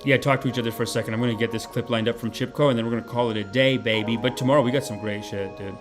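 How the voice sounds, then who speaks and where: A man's voice: mid-range voice, fairly even intonation, very fast. Man, podcast host, casual live chat, profane, rambling, music faintly behind.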